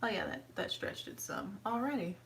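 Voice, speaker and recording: A woman's voice: animated, moderate pace, gravelly, a bit bright, far from the mic, a little hiss or hum, rough recording. A woman talking casually through her hair routine as a vlogger, chatting along as she works. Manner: chatty, talks to her dog in a high sweet voice. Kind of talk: casual hair tutorial chat.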